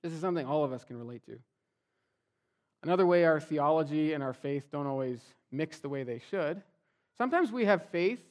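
A pastor preaching his sermon in a relaxed, conversational way, slipping into the voices of everyday people as he makes his point. His voice sits a little higher than most men's and rises and falls a lot.

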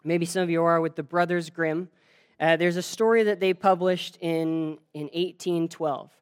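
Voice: mid-range voice, fairly even intonation, normal speed, smooth. Conversational preacher telling a story. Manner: conversational, many restarts and fillers; addresses the audience directly. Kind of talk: sermon with storytelling.

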